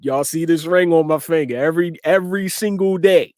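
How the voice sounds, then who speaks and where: A talk show host chats casually with a live audience, laughing often, repeating words and using slang. His voice is fairly high and darkish, and he talks fairly quickly. The sound is dry and close.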